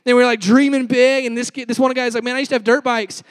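Young guy preaching, high voice, chatty storytelling, says y'all a lot. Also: flat delivery, fast, smooth, dry recording. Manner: storytelling, addresses crowd as y'all, call and response. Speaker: youth pastor. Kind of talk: sermon.

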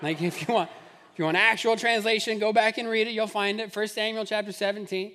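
A man's voice: sits high, steady tone, a little fast, sharp tone, in a large hall. A man preaching a sermon, who speaks in a conversational, humorous way and builds to fervent repetition. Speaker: pastor.

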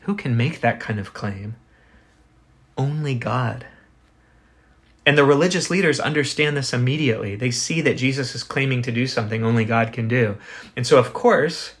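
This earnest pastor's voice is medium-pitched and slightly bright. He builds his sermon point by point through rhetorical questions, slowing down whenever he wants emphasis.

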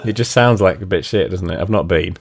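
Bloke on a podcast, relaxed chatty, laughs at himself a lot. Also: male voice, low voice, brisk, slightly rough. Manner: self-deprecating, laughs often. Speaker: podcast co-host. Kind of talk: casual chat.

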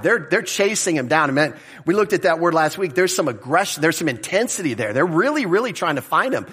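A man's voice: a little high, fairly bright tone, slightly rough. A man preaching an expository sermon, conversational and emphatic, often asking the congregation rhetorical questions. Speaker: pastor.

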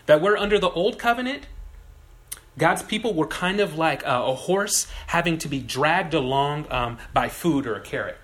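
A man preaching a sermon in a relaxed, conversational way, telling stories and putting questions to his listeners. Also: fairly high pitch, normal speed. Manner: conversational, animated storytelling with audience questions. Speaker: pastor.

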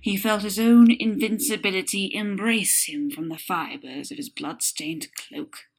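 A woman narrating a dark folktale in a slow, dramatic storytelling manner, with music behind. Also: medium pitch, steady tone, gravelly.

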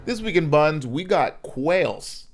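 A man's voice: on the high side, animated, slow, music in the background. A man co-hosting a podcast in casual chat, easygoing, laughing often and trailing off mid-sentence. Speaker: podcast co-host.

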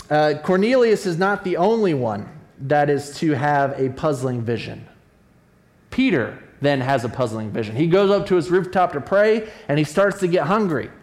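A man delivers a sermon in a relaxed, conversational way. His voice sits a little high for a man, and he tells the story with animation, often pausing to check in with his listeners. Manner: animated storytelling, acts out quoted voices with a raised pitch; conversational, often asks "right?". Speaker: pastor.

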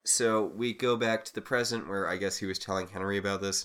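A man's voice: sits low, flat delivery, a little fast, a bit bright, clear, resonant tone. A man co-hosting a casual recap chat, wry and questioning with dry humor. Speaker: podcast co-host.

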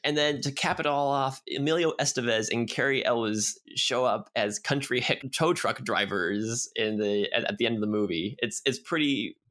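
A man's voice: mid-range voice, normal speed, few pauses, a bit bright. Joking podcast co-host man. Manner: jokey, laughs often, repeats words while thinking. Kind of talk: casual chat.

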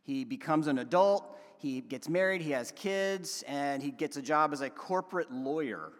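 A male pastor with a somewhat high voice preaches in a relaxed, chatty way and trails into fillers now and then. His words ring out with a long reverb, as in a church sanctuary. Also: normal speed. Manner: casual, conversational preaching with fillers. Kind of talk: sermon.

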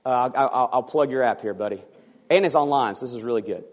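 A man preaching a sermon as pastor, animated and sometimes acting out voices for emphasis. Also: mid-range voice, fast, in a large hall.

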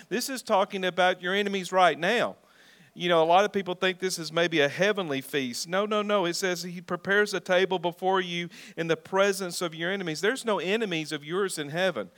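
A man's voice: a little high, fairly bright tone, clean tone. A middle-aged male pastor preaching a sermon, reading scripture and putting questions to his congregation. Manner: preaching, asks the congregation questions and calls for responses.

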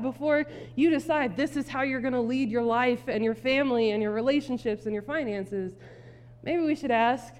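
A woman pastor giving a sermon in a conversational, animated storytelling manner. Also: on the high side. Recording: long hall reverb.

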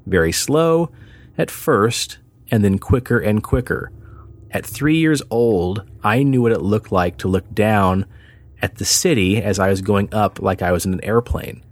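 A man's voice: fairly low pitch, unhurried. A man co-hosting a paranormal podcast, reading a listener's story aloud and then joking and swearing casually with his co-host. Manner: casual, swearing, laughs often.

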